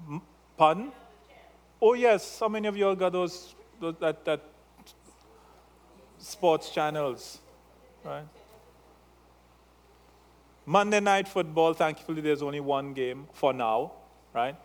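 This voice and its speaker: A man's voice: a little high, lively intonation, slow pace, long pauses. A male pastor with an accent, preaching a sermon in a playful way, teasing his congregation and checking in with them through frequent questions. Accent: non-native English.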